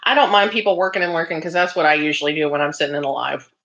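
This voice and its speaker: A woman's voice: low-pitched, racing, fairly bright tone. A woman hosting a casual craft livestream, reading viewer comments aloud and chatting back with lots of ums and laughs. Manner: chatty, reads out viewer comments and answers them; frequent laughs and filler ums. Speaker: livestream host. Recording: slightly dull lo-fi sound.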